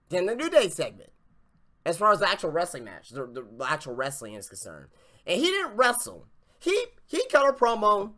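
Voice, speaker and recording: Male podcast host, ranting review, cursing freely, bright voice, lively pitch swings. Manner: profane, exasperated ranting. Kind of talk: casual wrestling review rant.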